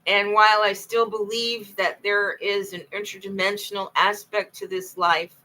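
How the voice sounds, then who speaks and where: A woman's voice: medium pitch, little pitch movement, normal speed, pushed and bright, low-quality recording. A woman talking alone late at night, telling her own story in an impassioned, rambling way and often repeating herself. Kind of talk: late-night monologue to camera.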